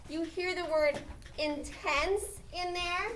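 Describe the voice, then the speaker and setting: A woman's voice: very high voice, slow pace, a bit bright, a little hiss or hum. A woman teaching a grammar lesson, checking in with "okay?" as she explains. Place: classroom. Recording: echoey classroom, mic far off.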